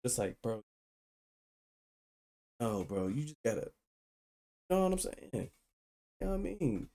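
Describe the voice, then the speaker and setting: A reaction host talks through a clip in casual, exasperated rants. The pitch swings widely as the points land, and the tone stays warm and mellow. Frequent "you know what I'm saying" keeps it conversational. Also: very animated, unhurried, pauses often.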